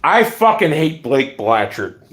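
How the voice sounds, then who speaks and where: A man's voice: fairly high pitch, big pitch swings, a little slow, a bit bright, breathy edge. A man chatting casually on stream, rambling bluntly from topic to topic and swearing freely. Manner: blunt, profane, wanders between topics.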